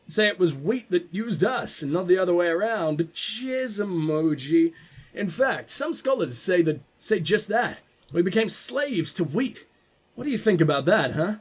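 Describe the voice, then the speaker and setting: A man with a high-sitting, slightly rough voice hosts a let's play, reading in-game text aloud. He breaks off for casual, joking, profane asides and often stumbles and restarts his lines.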